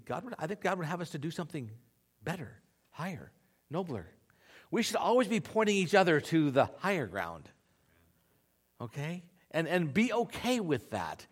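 Man, pastor giving a sermon, earnest conversational preaching, animated rising and falling voice. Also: a little high, brisk, breathy edge.

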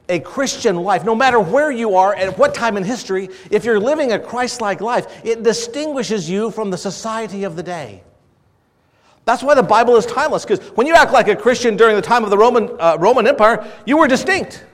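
A high-voiced pastor with a fairly bright tone delivers a sermon. His style is conversational, with rhetorical questions and bits of dialogue he acts out.

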